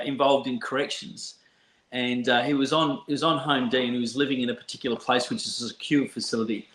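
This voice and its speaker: A man with an Australian accent telling a story from his counselling work in a relaxed chat, laughing often and restarting sentences. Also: medium pitch. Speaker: counsellor, podcast guest. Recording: roomy echo.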